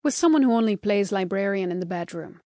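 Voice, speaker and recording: A woman puts on a sardonic Irish bartender in her thirties for an audiobook, her voice flat and bored with a sharp, mocking edge. The sound is dry and close, with no room around it, and her pitch sits in an ordinary middle range. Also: quick pace, no echo, lightly acted. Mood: bored, sarcastic. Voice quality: flat monotone, sarcastic and abrupt.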